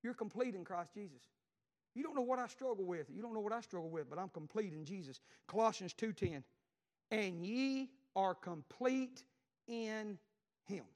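High-pitched Southern preacher, lively delivery. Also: male voice, fast talker. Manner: storytelling, repeats phrases, swings from loud to hushed. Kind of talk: Southern revival sermon.

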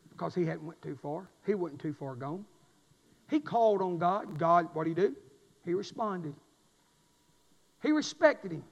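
A man preaching a sermon, swinging from quiet, intimate stretches to loud emphatic peaks. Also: high voice, gravelly, long reverb tail, lo-fi sound. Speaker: pastor. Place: church sanctuary.

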